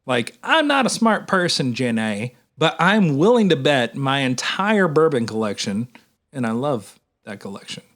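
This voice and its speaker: A male minister with a medium-pitched voice delivers a humorous sermon at an unhurried pace. His commentary is emphatic and animated, and he often addresses listeners as "y'all."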